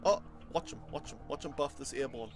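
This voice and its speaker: A man giving gameplay commentary in a recorded video, muttering about moves and then gloating loudly. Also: medium pitch, fairly quick. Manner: swings from muttering to loud gleeful gloating. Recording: faint game music behind.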